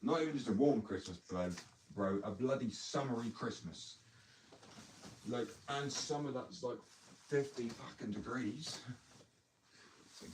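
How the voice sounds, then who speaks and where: A man chatting casually on a live stream from his workshop, rambling, excitable and quick to laugh at himself. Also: mid-range voice. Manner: rambling, excitable, self-mocking. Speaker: skateboard maker live-streaming to chat. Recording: distant mic, faint noise.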